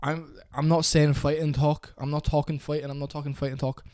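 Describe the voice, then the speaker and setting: A man's voice: on the high side, level tone, fairly quick, darkish tone, no room sound, studio quality. A young man in an angry, profane rant to camera about a fighter. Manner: heated, profane, repetitive. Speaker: MMA commentator.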